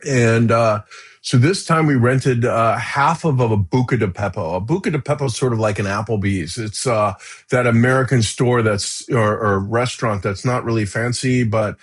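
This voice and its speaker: A middle-aged man, a podcast guest, telling a story in a lively casual way, acting out the shouts and filling in with "you know" and "right?". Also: medium pitch, normal speed.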